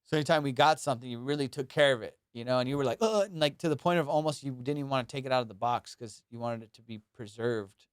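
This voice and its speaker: A man's voice: medium pitch, fast, clear, resonant tone, dry recording, clean studio sound. A young adult man chatting casually on his own solo comedy podcast, rambling, playful and self-mocking, swearing freely.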